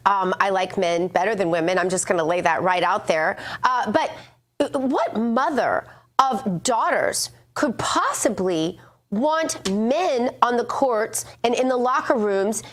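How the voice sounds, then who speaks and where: A woman co-hosting a morning political show, talking in an animated way with many fillers. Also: mid-range voice. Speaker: co-host. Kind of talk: opinionated morning-show talk.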